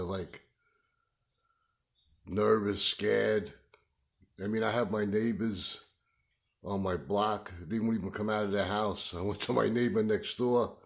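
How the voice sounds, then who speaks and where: An older man vlogging, telling a story in a rambling, halting way full of fillers. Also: fairly low pitch. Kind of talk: casual storytelling monologue.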